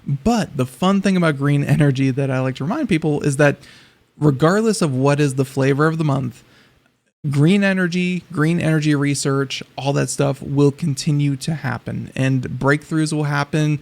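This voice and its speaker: A man's voice: a little high, normal speed, creaky, darkish tone. A man co-hosting a casual tech talk show, rambling and joking with many restarts. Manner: rambling, lots of you-knows and restarts, joking. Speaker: co-host.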